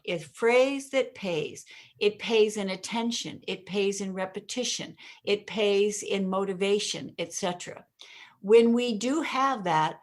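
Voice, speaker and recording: Female communication coach, podcast guest, emphatic pause-and-punch delivery. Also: medium pitch. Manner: often addresses the host by name. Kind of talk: podcast interview, coaching explanation.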